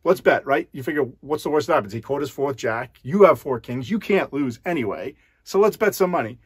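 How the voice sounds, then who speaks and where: Speaking straight to the viewer, this male magician breaks down a card scam one step at a time in an easygoing explanation. He sounds husky and animated at a medium pitch, fairly quick, captured as clean studio sound with no room noise.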